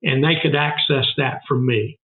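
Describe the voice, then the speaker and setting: A man's voice: mid-range voice, steady tone, moderate pace. An older man with a Southern US accent, a guest telling earnest, emphatic stories in a casual interview. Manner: emphatic, earnest, repeats for stress. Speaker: guest, food bank founder. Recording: narrow phone-like sound.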